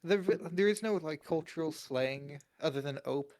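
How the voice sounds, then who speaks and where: Cracking jokes and laughing frequently, a young Midwestern American man co-hosts a casual podcast and reads search results out loud. He speaks at normal speed in a voice on the high side with a darkish tone.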